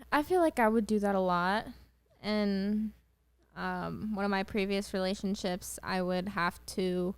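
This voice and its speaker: A woman's voice: mid-range voice, clear, resonant tone, no room sound. A young woman co-hosting a podcast, laid-back and laughing often in casual chat. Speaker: podcast co-host.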